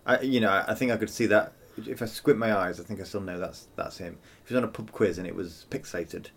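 A man's voice: lowish voice, quick pace, gravelly, breathy edge. A man co-hosting a casual album review chat, dry and opinionated with a teasing streak. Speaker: podcast co-host.

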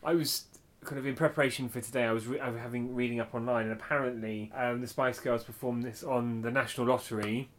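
A man co-hosting a podcast in casual chat, relaxed and chatty as he announces each track. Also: medium pitch, fast. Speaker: podcast co-host.

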